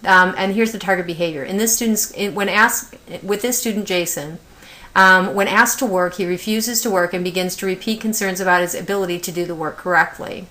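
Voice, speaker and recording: A woman's voice: mid-range voice, fairly quick, pushed and bright. A middle-aged woman, an autism specialist, giving a training lecture to teachers, talking conversationally with many fillers and rhetorical questions.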